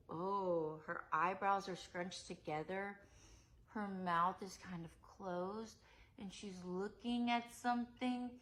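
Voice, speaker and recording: A young woman, a preschool teacher, giving a gentle and expressive lesson on emotions to small children. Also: mid-range voice.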